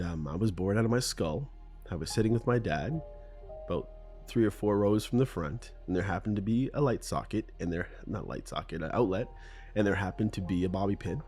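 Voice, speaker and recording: Speaking in a deep, slightly mellow voice, a middle-aged Canadian man delivers an unscripted solo podcast. He shares stories from his own life in a meandering way, full of self-corrections, ums, and laughs.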